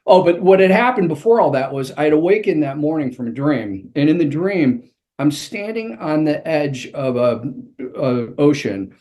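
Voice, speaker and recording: Male interview guest, author and coach, slightly high voice, vivid storyteller. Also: lively intonation, moderate pace, a little mellow.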